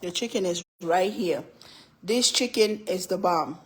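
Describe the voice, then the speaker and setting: Middle-aged woman host, cooking stream from the home kitchen, chatty and teasing, quick laughs. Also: on the low side. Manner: chatty, playful, laughs often. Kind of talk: casual livestream cooking chat.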